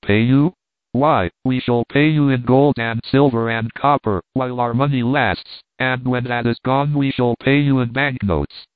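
A man's voice: mid-range voice, fairly even intonation, a little slow, no room sound, lightly acted. A man voicing a brusque, impatient army captain who speaks curtly in a story reading. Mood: firm. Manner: curt, commanding. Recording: dry tinny phone-like sound.

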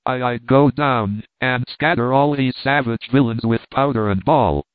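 A man's voice: mid-range voice, a little slow, no echo, close to an everyday voice. A man voicing a bold, impatient hunter who speaks with urgency and eagerness. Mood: urgent. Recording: tinny phone-like dry sound.

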